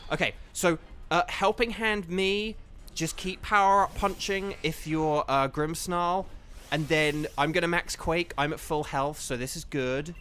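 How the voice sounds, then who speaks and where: A young man live-streaming a game and chatting, excitable and flustered, rambling with lots of fillers. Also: on the high side. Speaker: streamer and voice actor. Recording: faint game music behind.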